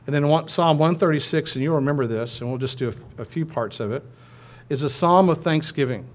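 A man's voice: fairly high pitch, fairly quick. A man preaching a sermon in a conversational manner, often restarting his phrases and leading his listeners in a responsive reading. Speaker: pastor.

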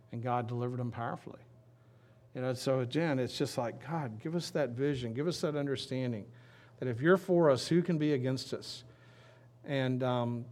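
A man's voice: mid-range voice, darkish tone. A man preaching a sermon in a conversational way, reading scripture aloud and then talking it through. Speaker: pastor.

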